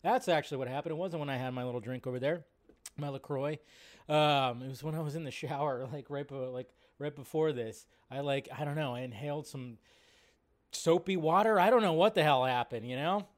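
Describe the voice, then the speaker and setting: A man's voice: on the high side, brisk. A man hosting a live movie-news stream, chatting casually and rambling with plenty of fillers. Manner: rambling, laid-back, lots of fillers. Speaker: live show host.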